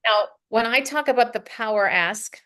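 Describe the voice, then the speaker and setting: A middle-aged American woman, guesting on a podcast, tells stories casually and with animation, laughing often and acting out what people said. Her voice sits a little high, and she talks at a moderate pace.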